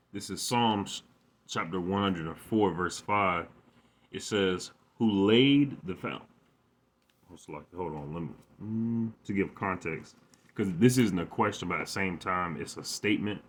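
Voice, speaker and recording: Deep-voiced guy doing a casual bible talk on his phone, stutters and restarts a lot. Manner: halting, repeats words, stammers when excited; reads verses aloud with more force. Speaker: scripture teacher. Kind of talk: informal scripture lesson.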